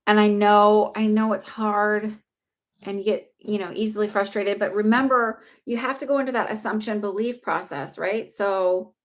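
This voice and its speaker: A woman's voice: mid-range voice, fairly even intonation, normal speed. Young woman doing live psychic readings, super chatty and encouraging, says like a lot. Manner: chatty, reassuring, heavy use of "like" fillers. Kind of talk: casual livestream reading.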